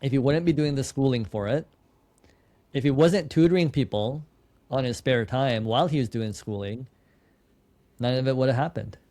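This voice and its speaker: A Canadian entrepreneur, guesting on a podcast, tells a story in a casual interview, often repeating and restarting words and quoting his own dialogue in anecdotes. His voice is mid-range and warm, at a moderate pace with long pauses.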